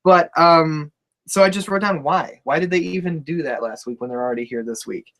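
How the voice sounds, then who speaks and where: A man's voice: fairly high pitch, fairly quick, a bit bright. A young man co-hosting a casual wrestling talk show, laid-back and profane, often laughing. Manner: laid-back, swears freely, laughs a lot.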